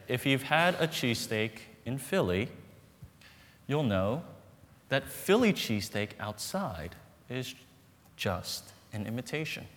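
A man preaching a sermon, telling stories with humor and dramatic pauses. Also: mid-range voice, a bit bright. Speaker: pastor. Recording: long reverb in a large hall.

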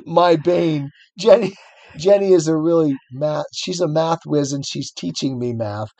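A man's voice: on the high side, takes it slowly, vocal fry, mellow, dry recording. A middle-aged man who reads aloud and talks the ideas over in a reflective, hesitant way with restarts. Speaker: co-host. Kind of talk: book reading and discussion.

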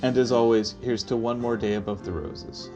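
A man's voice: mid-range voice, fairly even intonation, normal speed, lo-fi sound, over music. A man co-hosting a podcast in casual chat, teasing and playful. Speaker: podcast co-host.

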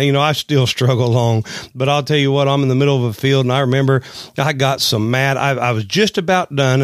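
A man's voice: mid-range voice, no echo. Earnest folksy preacher man, dry sound. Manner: earnest storytelling with folksy asides. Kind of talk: sermon.

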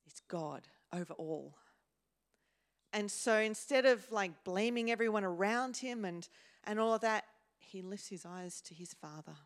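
A woman pastor preaching a sermon in a church, slow and measured, pausing and repeating words as she goes. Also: medium pitch. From Australia. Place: church hall.

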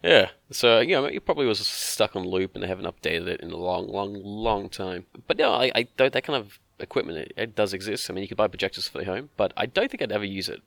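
Gravelly low-voiced man. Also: expressive, fast talker, few pauses, fairly bright tone, no echo. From Australia. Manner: rambling, joking asides with restarts. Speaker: podcast co-host. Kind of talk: casual chat.

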